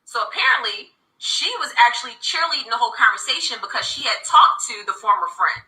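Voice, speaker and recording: A woman in her thirties tells her story in a candid interview, emphatic and indignant. Her voice is piercingly bright and sits a little high. The recording has a roomy echo. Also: expressive. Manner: emphatic, indignant, fast-talking. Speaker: reality TV cast member.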